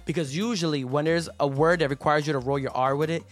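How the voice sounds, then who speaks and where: A man co-hosting a casual podcast chat, relaxed and laughing easily. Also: on the high side, fast talker, faint music behind. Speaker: podcast co-host.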